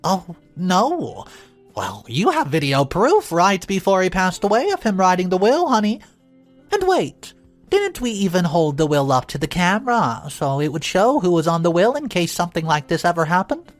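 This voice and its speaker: A man's voice: a little high, very animated, fairly quick, few pauses, soft background music. A man voicing a caring woman friend. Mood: reassuring. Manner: caring, reassuring. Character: concerned woman friend, supportive and gentle.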